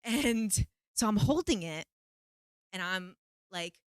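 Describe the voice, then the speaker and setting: A woman hosting a podcast, telling a story in a casual, animated, rambling way with many fillers. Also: medium pitch, takes it slowly, smooth, no room sound, studio quality. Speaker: podcast host.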